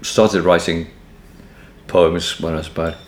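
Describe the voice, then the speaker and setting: A man's voice: deep voice, steady tone, unhurried. A man in his eighties with a Liverpool accent, telling wry, meandering stories as a guest in an interview, often stopping and restarting his sentences. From Liverpool area, England. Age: 80s. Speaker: poet guest. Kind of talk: relaxed anecdotal interview answers. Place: hotel book room, indoors. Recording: roomy echo, faint ambience.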